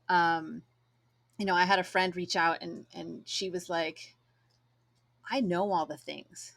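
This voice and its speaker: A woman's voice: lowish voice, steady tone, moderate pace, a bit bright. A woman in her forties hosting a solo podcast, talking casually and reflectively and acting out quoted voices. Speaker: podcast host.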